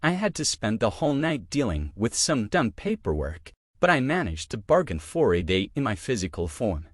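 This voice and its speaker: A man's voice: mid-range voice, big pitch swings, normal speed, no echo, studio quality. A man voicing a playful young woman's ghost, teasing and chatty.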